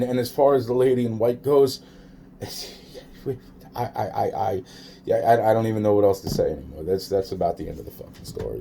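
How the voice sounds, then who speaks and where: A man's voice: fairly low pitch, creaky, warm tone, a little hiss or hum. A man telling a rambling personal story, swearing often and restarting his sentences. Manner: profane, rambling, many restarts and repeated fillers.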